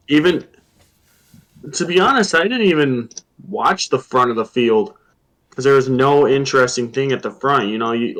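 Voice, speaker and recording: A man with an ordinary mid-range voice tells loose, rambling stories on a casual podcast. He fills gaps with "um" and "like" and acts out his own reactions in quotes. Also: medium pitch. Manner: relaxed storytelling with fillers and quoted asides. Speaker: podcast guest.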